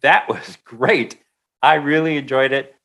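Man voicing a stubborn heaven-bound woman: high, loud, insistent. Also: unhurried. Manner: insistent, pleading. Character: strong-willed woman pleading in heaven.

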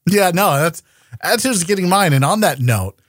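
Male co-host, loose and profane, animated delivery, dead-dry mic. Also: high voice, moderate pace, no room sound. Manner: profane, jokey, laughs often. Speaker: podcast co-host. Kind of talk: casual chat.

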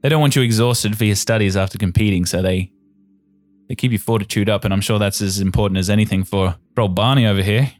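A man's voice: fairly low pitch, fast talker, no room sound, soft background music, close to an everyday voice. A man voicing a brash, cocky young male athlete with a mullet, talking in a boisterous, slangy, matey way. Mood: chummy.

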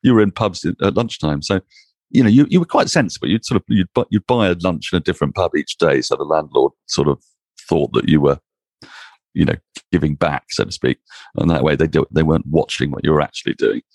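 A man, a cricket commentator, telling anecdotes as a podcast guest in an animated, self-mocking way. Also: extremely low pitch, brisk, no room sound, studio quality. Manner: animated, self-mocking raconteur with frequent restarts. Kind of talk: anecdotal interview storytelling.

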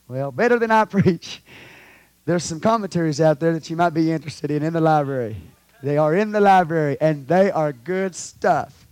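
A pastor with a drawl leading a sermon, preaching in call-and-response and moving between hushed prayer and loud exhortation. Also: male voice, a little high, moderate pace, clean tone, no echo. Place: church sanctuary.

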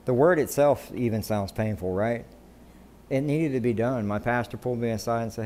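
A man's voice: medium pitch, normal speed, darkish tone, slight background noise. A middle-aged man preaching a sermon in a conversational way, often checking in with "right?" and restarting his sentences. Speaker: pastor.

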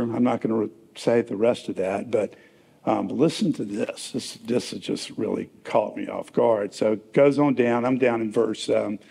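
A man's voice: lowish voice, gravelly, dark tone, slightly rough, in a large hall. A man preaching a conversational sermon in a church, rambling a little and asking the congregation questions. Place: church sanctuary.

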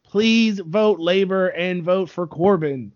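High-voiced male co-host. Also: slow, dry recording. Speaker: podcast co-host. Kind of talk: casual chat. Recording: dry, dull lo-fi sound.

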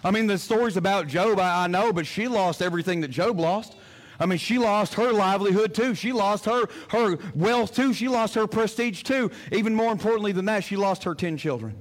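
A man's voice: sits high, fairly quick, hardly any pauses. A male pastor preaching a sermon in an impassioned, emphatic way, often repeating his phrases.

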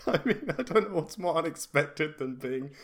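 A man runs a tabletop game, narrating slowly with bursts of laughter. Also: on the high side. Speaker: game master.

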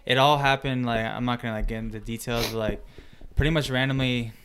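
A man's voice: medium pitch, fairly even intonation, a little fast, background noise. A young man hosting a casual chat, speaking candidly about personal struggles.

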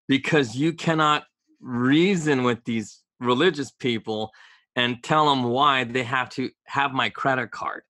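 Bright-voiced man ranting. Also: mid-range voice, a little slow. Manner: opinionated, ranting, sarcastic asides. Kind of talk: casual podcast chat.

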